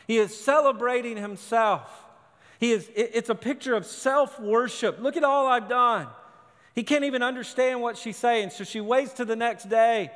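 High-voiced preacher in a reverberant hall. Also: male voice, a bit bright. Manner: emphatic, short punchy phrases. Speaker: pastor. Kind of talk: sermon.

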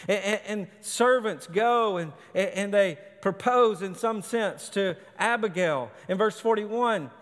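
A man's voice: high-pitched, measured pace, few pauses, a bit bright. A male pastor preaching a sermon in emphatic, short, punchy phrases. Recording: long hall reverb.

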